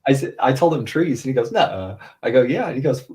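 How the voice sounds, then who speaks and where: Speaking quickly with lively intonation, this podcast co-host, a father in his thirties, spins a long, chatty story and lifts his voice to quote other people. His pitch is medium and his tone a little mellow.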